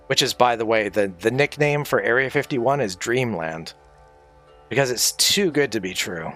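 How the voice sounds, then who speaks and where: A man's voice: mid-range voice, animated, normal speed, a bit bright, soft background music. A man rambling through a casual livestream monologue, conspiratorial and heavy on swearing.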